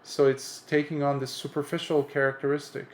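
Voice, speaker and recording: A man's voice: fairly high pitch, flat delivery, a little fast. A Buddhist monk giving an impromptu dharma talk, earnest and emphatic, lifting his voice on repeated points and often restarting his sentences.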